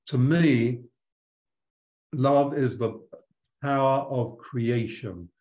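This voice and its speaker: An older man talks in a thoughtful, storytelling way, often restarting his sentences. His voice sits at an ordinary pitch for a man. The room around him is roomy and echoey. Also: drawn-out words, a little mellow. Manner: reflective, anecdotal, frequent restarts. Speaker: spiritual teacher guest. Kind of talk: conversational interview storytelling.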